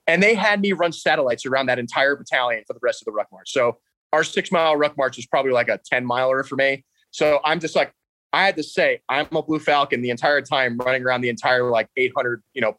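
A man's voice: mid-range voice, no room sound, rough recording. A man, a podcast guest telling stories animatedly and laughing often. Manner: animated, laughs often, quotes others in raised voice. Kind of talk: casual storytelling.

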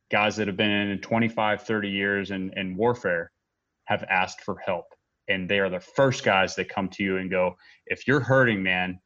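Man, 30s, veteran telling his story; low voice, halting and earnest, dull lo-fi recording. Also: fairly bright tone. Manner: earnest, halting, with many restarts and pauses. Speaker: military veteran speaker. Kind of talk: personal testimony to an audience.

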